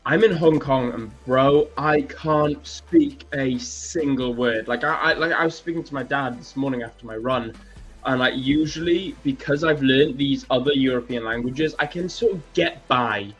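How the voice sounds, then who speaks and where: A man telling travel stories in a casual live-stream chat, lively and quick to laugh. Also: mid-range voice, breathy edge, lo-fi sound, faint music behind. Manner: animated storyteller, laughs often. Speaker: co-host. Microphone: video call or stream setup.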